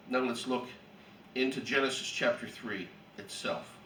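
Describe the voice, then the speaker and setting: A man teaching a Bible class who tells stories with lively energy and often clears his throat. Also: medium pitch, slow pace, a little hiss or hum. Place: room for a church class. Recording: echoey room, distant mic.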